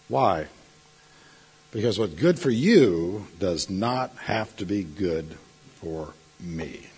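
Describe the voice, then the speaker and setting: A middle-aged male pastor delivering a sermon, telling stories and breaking into sudden loud outbursts. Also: deep voice, breathy edge.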